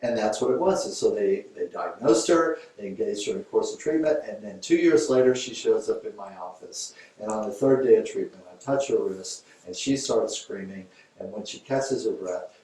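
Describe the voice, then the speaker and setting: A man's voice: lowish voice, warm tone. A man giving a conversational lecture as a yoga teacher, telling a story and acting out both sides of the dialogue in a raised voice. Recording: distant mic in an echoey room with faint noise.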